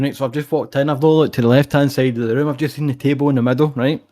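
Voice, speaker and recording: A man's voice: mid-range voice, steady tone, fast talker, dark tone. A young Scottish man co-hosting a podcast, telling a long rambling story in casual chat, swearing freely. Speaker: podcast co-host.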